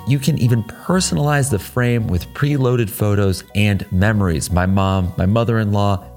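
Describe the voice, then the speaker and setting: A podcast host reading a sponsor ad in an upbeat, salesy manner. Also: male voice, on the low side, darkish tone. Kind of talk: read sponsor ad.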